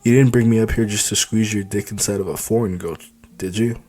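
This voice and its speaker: A man voicing a brash, defiant nineteen-year-old immigrant woman in an audiobook, answering back with sharp, indignant retorts. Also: lowish voice, steady tone, fairly quick, lightly acted. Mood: scornful.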